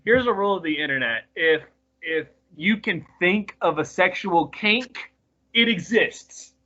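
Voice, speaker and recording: A man's voice: high voice, expressive, measured pace, sharp tone, lo-fi sound. A man co-hosting a podcast, rambling and joking crudely in casual chat. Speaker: podcast co-host.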